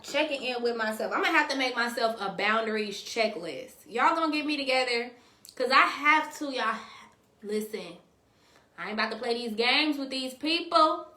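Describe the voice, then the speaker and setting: A high, bright-voiced woman hosts a casual stream, reading viewer comments aloud and chatting back with them. Her talk is slangy and direct, and the sound comes from an echoey room. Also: expressive, moderate pace. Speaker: host.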